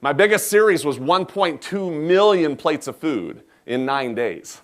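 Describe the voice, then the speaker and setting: Folksy Upper Midwest chef, slightly high voice. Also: male voice, big pitch swings, normal speed. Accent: Upper Midwest American. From South Dakota, USA. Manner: chatty, folksy, self-deprecating humor. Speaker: chef giving a cooking demonstration. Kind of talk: live cooking demo with chat to audience.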